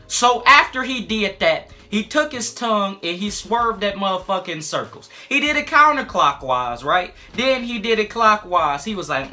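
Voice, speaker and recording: A man in his twenties telling a crude, profanity-heavy personal story in a casual, animated vlog style with frequent asides. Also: sits high, unhurried, faint music behind. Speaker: storytime YouTuber.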